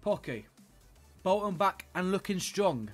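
A young man giving play-by-play commentary on his own football video game, swinging between low grumbling and shouted excitement. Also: unhurried, soft background music. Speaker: gaming YouTuber playing football career mode.

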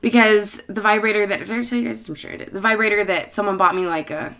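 Sweary, self-mocking woman with a bright voice. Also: mid-range voice, fairly even intonation, quick pace. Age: 30s. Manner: profane, self-mocking, laughs often. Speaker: bartender and show host. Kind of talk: casual rambling monologue.

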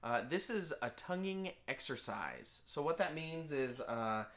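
A man's voice: on the high side, expressive, a little slow, fairly bright tone. Male music teacher, patient and plain-spoken, casual beginner lesson. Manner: patient, explains simply with fillers. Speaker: band teacher.

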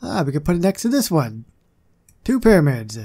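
A man's voice: fairly high pitch, sing-song, moderate pace, warm tone, breathy edge. A man hosting a gaming channel, giving casual gameplay commentary in a chatty, self-deprecating way with muttered asides.

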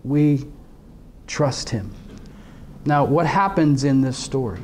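A middle-aged man preaching a sermon, telling his own story earnestly, swinging from quiet, halting moments to emphatic lines. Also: mid-range voice, expressive, a little hiss or hum.

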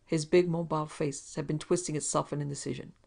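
A woman's voice: low voice, steady tone, fast talker, creaky, a little mellow. A woman narrating a hard-boiled detective story in a dramatic storytelling manner. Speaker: narrator and producer. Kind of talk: scripted audiobook narration.

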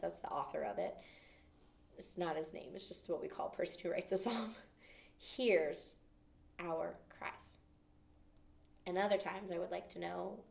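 A woman leading a children's Bible lesson in a playful, expressive way, asking the kids questions as she goes. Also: medium pitch, creaky. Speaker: children's ministry teacher. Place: church children's room. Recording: echoey room, mic at a distance.

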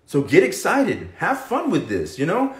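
Male fitness live-streamer, pep-talk delivery, swings between loud and hushed, roomy echo. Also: high voice, wildly swooping pitch, unhurried. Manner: pep-talk, keeps asking "okay?" and "right?".

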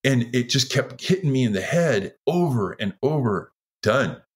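This Washington State man in his sixties, a former firefighter, has a medium-pitched voice with lively intonation and a normal speed. Being interviewed, he sincerely recounts his story and voices other people's words.

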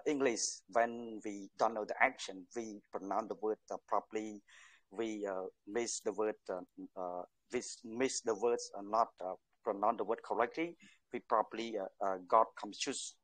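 A man in an online class asking a formal question, hesitant, with many pauses and repeated words. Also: on the low side, fairly bright tone, no echo, poor audio.

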